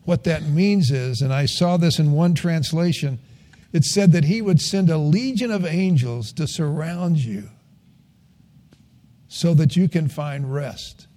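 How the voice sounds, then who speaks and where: A man's voice: fairly high pitch, expressive, measured pace, warm tone. An older man preaching a sermon, telling folksy stories and rising to earnest emphasis. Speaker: pastor.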